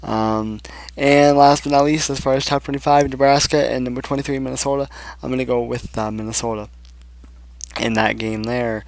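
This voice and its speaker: A man's voice: medium pitch, fairly even intonation, moderate pace, vocal fry, dry recording. A young man hosting a casual sports picks show, rambling through scores and predictions with plenty of fillers. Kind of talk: casual solo sports commentary.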